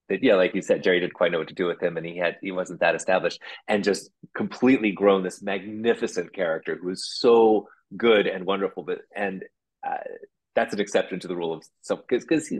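A man's voice: low-pitched, husky. A man talking as a guest in a casual interview, reflective and rambling, with lots of restarts. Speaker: guest puppeteer.

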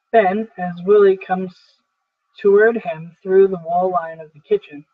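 A man with a high voice reads a play's stage directions in a plain, even way. The sound is thin and phone-like, as if he sits back from the microphone in a dry room. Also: normal speed, no echo, distant mic. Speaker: reader. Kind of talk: play readthrough narration.

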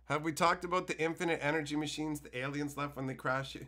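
A man's voice: fairly high pitch, sing-song, normal speed, pushed and bright. A man in his thirties hosting a live stream, ranting at his chat with crude, mock-angry banter. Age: 30s. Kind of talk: live stream chat while opening card packs.

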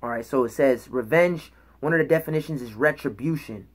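A woman's voice: very deep voice, a little fast, breathy edge. Emphatic woman preaching a bible study. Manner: emphatic, checks in with "okay?" and "all right?"; reads scripture aloud and explains words. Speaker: bible teacher.

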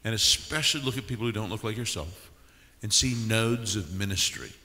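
A pastor on a conference panel, a man speaking calmly as he gives advice. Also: fairly low pitch, fairly quick, slight background noise. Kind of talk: panel discussion. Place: large conference hall. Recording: reverberant conference hall.

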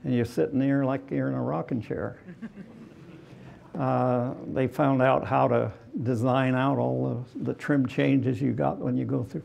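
An older man, a retired fighter pilot, telling anecdotes in an onstage interview, halting with many fillers and chuckling between stories. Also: medium pitch, fairly even intonation, creaky, dull audio, a little hiss or hum.

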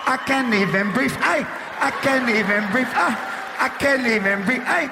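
A man voicing a wheezing older man pleading through a heart attack, live on a stand-up stage with a loud crowd. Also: extremely high pitch, normal speed, vocal fry, noisy background. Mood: pained, pleading. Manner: strained, wheezing pleas.

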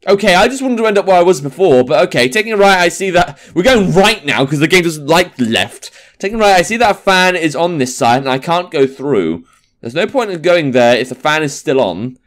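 A man's voice: fairly high pitch, animated, brisk. A young man giving casual, sarcastic let's-play commentary, swearing and talking back to the game. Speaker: gaming commentator.

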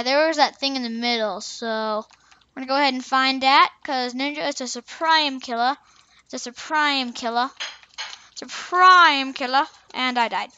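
Young female gamer, high bright voice, playful chatter, dry lo-fi home mic. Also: no room sound. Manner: playful, chatty, repeats taunts at other players. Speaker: gaming channel host. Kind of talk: casual gameplay commentary.

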